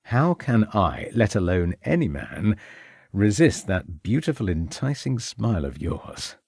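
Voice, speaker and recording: A man voicing a gentle, measured police inspector speaking tenderly to his wife. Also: on the low side, very animated, gravelly, slightly rough, dry recording, clean studio sound, heavily acted.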